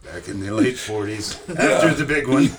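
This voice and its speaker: A man in casual chat on a podcast, joking in a deadpan way. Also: mid-range voice, normal speed. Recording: loud background noise.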